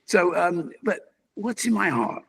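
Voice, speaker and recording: An older man, a magazine publisher and interview guest, musing in an animated, conversational way and chuckling as he talks. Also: high-pitched, takes it slowly, vocal fry, husky.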